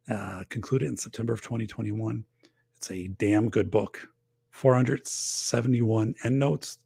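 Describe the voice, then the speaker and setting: Middle-aged male host, dry close sound, gravelly tone, rambling casual chat, losing his voice. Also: lowish voice, no room sound. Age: 40s or older. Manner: rambling, loose, lots of fillers. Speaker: podcast host. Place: home office.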